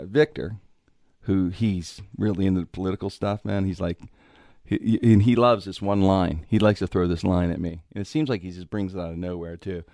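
A man's voice: sits low, gravelly, dark tone, no echo, studio quality. A male host chatting casually, rambling through stories with laughs and restarts. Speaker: radio show host. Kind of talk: casual chat.

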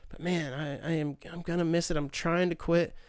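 In a clean, dry studio recording, a young podcast host from the United States delivers a casual solo rant. His voice is a little high, clear and resonant, with fairly even intonation at normal speed. He cusses freely and puts on sarcastic impressions.

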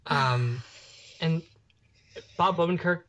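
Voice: mid-range voice, slow, fairly bright tone. A young adult podcast co-host talking casually about a film, rambling with lots of fillers and restarts. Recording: dull lo-fi podcast audio.

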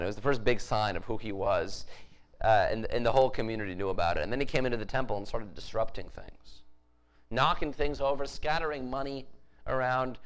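A man's voice: mid-range voice, poor audio. A man preaching a sermon in a conversational way, with frequent restarts and emphatic rises. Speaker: pastor.

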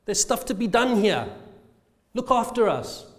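A man voicing a fretful sheep that pleads with its shepherd not to leave it behind, in a high, whiny voice. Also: big pitch swings, a little slow, big-room sound. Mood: complaining.

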